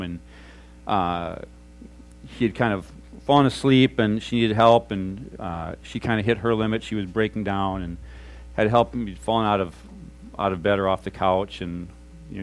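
A middle-aged male pastor delivers an earnest, conversational sermon in a fairly low voice, softening to a hushed tone for prayerful lines. The audio quality is poor.

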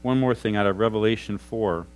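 A middle-aged man preaching a sermon as pastor, earnest and conversational, dropping to soft, hushed tones for prayerful lines. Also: fairly low pitch, brisk, smooth, rough recording.

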